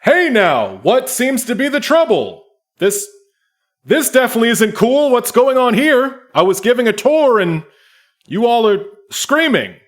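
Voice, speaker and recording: A man's voice: extremely high pitch, big pitch swings, measured pace, voice pushed up, heavily acted. Easygoing male tour guide of a magic school, voiced by a man, raised and upbeat. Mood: concerned.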